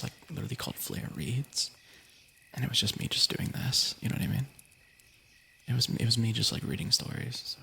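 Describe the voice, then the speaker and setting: A playful young man giggles and keeps interrupting himself while whispering on an ASMR stream, mixing chat with stories read aloud. His voice is medium in pitch, creaky and a bit bright, with slight background noise in the clip.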